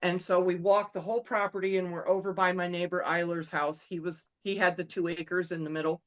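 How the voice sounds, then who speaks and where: A woman's voice: fairly low pitch, level tone, a little fast, fairly bright tone, low-quality recording. Chatty woman telling a story. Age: middle-aged. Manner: retells events with lots of quoted dialogue and fillers. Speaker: podcast guest. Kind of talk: casual storytelling.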